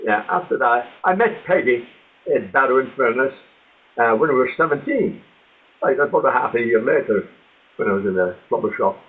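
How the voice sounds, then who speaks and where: A man's voice: medium pitch, expressive, normal speed. An older Irish man, a guest author, telling rambling anecdotes and acting out the people in them. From Ireland. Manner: rambling anecdotal storyteller, acts out voices. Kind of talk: storytelling interview. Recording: tinny phone-like line.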